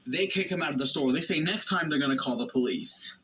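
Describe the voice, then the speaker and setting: Bright-voiced man telling a story. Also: a little high, quick pace, slight background noise, poor audio. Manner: lively anecdotal retelling with quoted voices. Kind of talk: casual storytelling.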